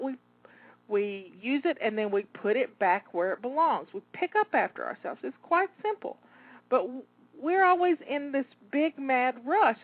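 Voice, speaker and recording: This woman's voice sits on the high side, with no room sound at all. She talks listeners through timed cleaning jobs and keeps urging them on with the same upbeat rallying lines. The audio has a narrow, dry, phone-like quality.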